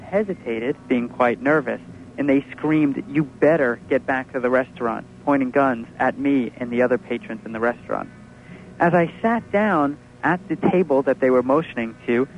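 A man giving spoken testimony, recounting in measured detail how he was held during a police raid. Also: mid-range voice, dull audio.

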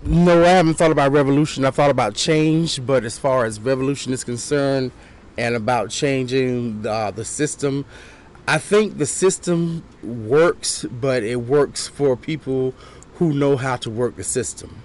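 A man answering in a street interview, thoughtful and halting with restarts. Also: medium pitch.

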